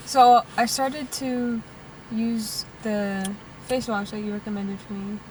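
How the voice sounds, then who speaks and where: A young woman co-hosts a casual podcast from a car, her voice a touch high. She talks in a halting way, full of fillers, and swears now and then. She sits a bit back from the mic, with faint hiss behind her. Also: little pitch movement, darkish tone, distant mic, rough recording. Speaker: podcast co-host. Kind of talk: casual chat. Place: inside a car.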